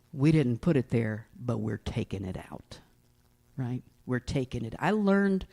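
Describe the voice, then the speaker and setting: A woman's voice: low-pitched, dark tone. A middle-aged woman pastor from East Tennessee giving a folksy, storytelling sermon and often asking her congregation "right?".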